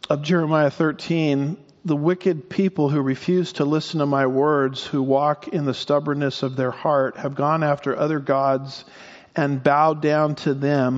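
A man preaching a verse-by-verse sermon as pastor, folksy and joking with his congregation, sometimes stumbling over a word. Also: fairly high pitch. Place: church sanctuary. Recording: dull sound with long hall reverb.

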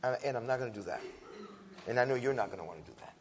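A man's voice: mid-range voice, very fast, a little hiss or hum. A man giving a conversational sermon-style talk to an audience, often restarting and correcting himself. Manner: conversational, self-correcting, animated retelling. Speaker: speaker at a church teaching. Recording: dull lo-fi recording in a reverberant hall.

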